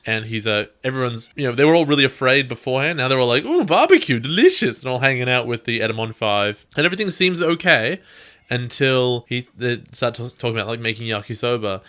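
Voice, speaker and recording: A man co-hosting a casual fan podcast, talking through a stage play scene by scene. His voice has a bright, forward edge. He keeps jumping into quick, animated impressions of the characters. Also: mid-range voice, smooth. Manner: animated, acts out characters' lines in quick bursts. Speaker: podcast co-host.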